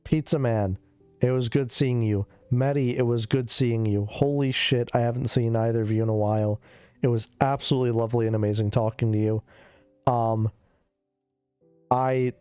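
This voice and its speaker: A man's voice: medium pitch, normal speed, darkish tone, clear, resonant tone, dry recording, soft background music. Sick, loopy man chatting on stream. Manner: loopy, rambling, swears a lot. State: sick, coughing. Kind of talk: casual chat.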